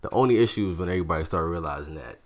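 A man hosting a casual podcast interview, asking questions in a quick, slangy, conversational way. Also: low-pitched, expressive. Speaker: podcast host.

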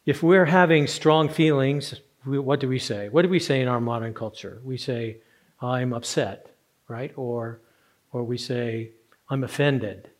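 A man preaching a sermon, earnest and rising to strong emphasis on key words. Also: mid-range voice. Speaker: pastor.

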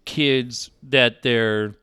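A man's voice: medium pitch, drawn-out words, clean tone, no room sound, studio quality. A man telling stories in a casual chat, swearing often and acting out the people he quotes. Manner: profane, animated, acts out quoted people.

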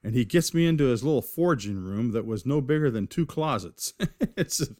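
A man's voice: mid-range voice, lively intonation, brisk, a little mellow, no echo, studio quality. A man from California, a knifemaker guest, telling long rambling stories in a casual interview, full of fillers and restarts. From California, USA.

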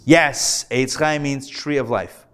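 A man, a rabbi, teaching a live Hebrew reading class, sounding out syllables slowly and patiently checking that his students follow. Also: medium pitch, steady tone, fairly bright tone. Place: classroom before a live audience.

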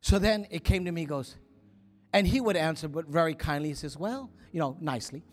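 High-voiced animated male preacher. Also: fairly quick, soft background music. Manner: animated, acts out quotes with gasps and whispers. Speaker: pastor. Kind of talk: sermon storytelling.

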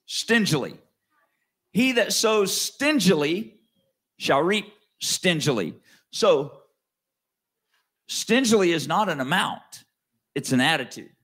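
A man preaching a sermon in a conversational way, slowing down and rising to stress key words, then dropping low for asides. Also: big pitch swings. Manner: conversational with wide swings in pitch and loudness, slows to stress key words. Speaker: pastor.

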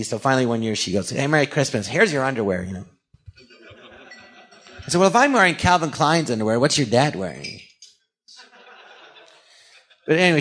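A middle-aged man from California, telling lively anecdotes in an interview and acting out the dialogue. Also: medium pitch. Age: 40s or older. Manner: animated storyteller acting out quoted dialogue. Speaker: guest. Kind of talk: anecdotal storytelling.

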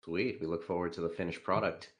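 A man with a fairly low voice hosts a casual podcast chat. He reads out numbered questions one by one. He teases his guest and swears freely. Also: steady tone, fast. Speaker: podcast host.

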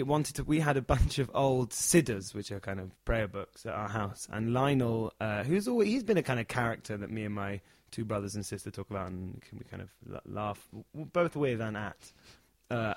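A man telling a funny story in a casual chat, animated and acting out the people in it. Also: on the low side, a little fast, hardly any pauses, dry recording. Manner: animated, acts out the characters.

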